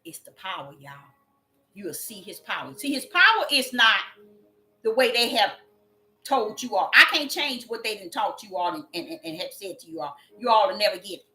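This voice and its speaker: A woman's voice: mid-range voice, sing-song, normal speed, bright, forceful tone. A woman preaching a sermon in an emphatic way, repeating her phrases and drawing out the scripture she reads. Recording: echoey room with faint music.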